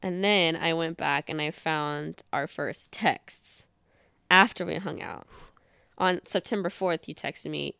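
Female podcast host, giggly and playful, clear voice, dry studio sound. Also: deep voice, slow pace, pushed and bright, dry recording. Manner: giggly, reads old messages aloud with playful voices. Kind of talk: casual chat.

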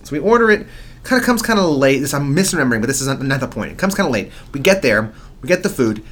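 A man's voice: mid-range voice, big pitch swings, fast talker, a bit bright. A man co-hosting a podcast, telling a story casually, with lots of swearing and restarts. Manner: profane, storytelling with frequent restarts. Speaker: podcast co-host. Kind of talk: casual chat.

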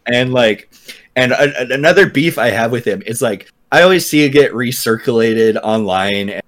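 A man's voice: mid-range voice, expressive, moderate pace, a bit bright. A man from Washington state ranting heatedly in casual chat, swearing constantly as a podcast co-host. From Washington state, USA.

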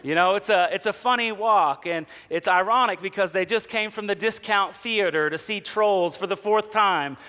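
A man preaches in a high, smooth, resonant voice. He tells humorous stories and acts out the people he describes. The sound carries a long reverb from a church sanctuary. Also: normal speed, few pauses, pushed and bright. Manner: humorous storytelling, acts out quoted characters. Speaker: pastor. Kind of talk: sermon.

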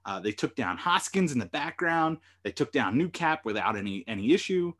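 A man's voice: medium pitch, normal speed. Man animatedly recapping a TV episode. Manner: animated, retells scenes with quoted lines. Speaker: podcast host and lawyer.

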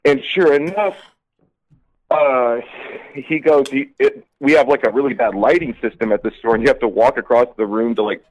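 A man's voice: medium pitch, normal speed, dull audio. A man telling a long story about a clash at work in casual chat, acting out what each person said and often saying "sure enough". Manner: rambling, repeats "sure enough", acts out quotes.

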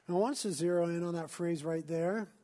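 Speaking briskly, an earnest pastor delivers his sermon in a voice that's rather high for a man. He alternates pressing urgency with quiet, whispered intimacy.

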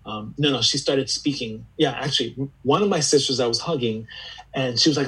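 A man's voice: medium pitch, fairly quick, fairly bright tone, slightly rough, low-quality recording. A man speaking as a guest in a reflective conversation, earnest and searching, often repeating words as he gathers his thoughts. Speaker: podcast guest.

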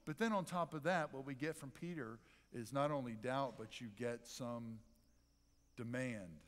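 A man preaching a sermon as pastor, animated and conversational, with dramatic pauses. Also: mid-range voice, in a large hall. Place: church sanctuary.

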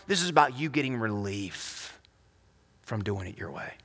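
A man preaching a sermon as pastor, emphatic, swinging between loud high phrases and quiet low ones. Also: big pitch swings, moderate pace. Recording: long reverb of a hall.

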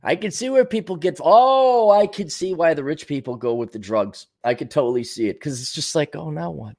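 A man's voice: fairly high pitch, brisk, darkish tone. A man hosting his show, talking in a casual, digressive monologue, laughing often and swearing freely. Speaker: show host.

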